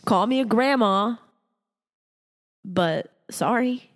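A woman's voice: on the high side, slow pace. Giggly sick woman with a reverby sound. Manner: laughs often, teasing. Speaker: podcast co-host. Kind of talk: casual chat.

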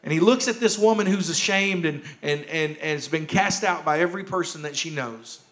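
A man preaching a sermon as pastor in a church, urgent and impassioned, repeating key phrases and dropping to hushed tones. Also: fairly high pitch, a little fast. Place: church sanctuary.

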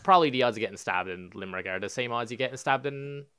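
A man with an Irish accent, co-hosting a casual podcast, teasing and cracking deadpan jokes. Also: medium pitch, fast talker, smooth, no echo, clean studio sound. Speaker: podcast co-host.

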